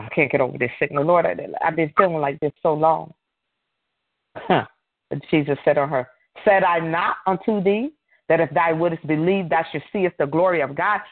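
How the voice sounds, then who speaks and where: A woman preaching a fervent sermon, reading scripture slowly and calling out hallelujahs. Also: low-pitched. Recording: tinny phone line.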